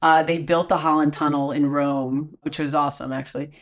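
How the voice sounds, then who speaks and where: A woman, an actor guest on a podcast, telling anecdotes in a lively way, stammering and laughing as she retells events. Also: sits low, fairly quick.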